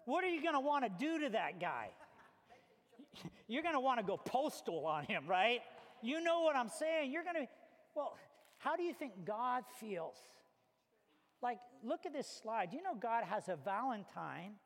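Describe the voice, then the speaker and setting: A man preaching a sermon as a pastor, telling stories with animated acted-out little scenes. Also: extremely high pitch, normal speed. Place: church hall. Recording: reverberant hall.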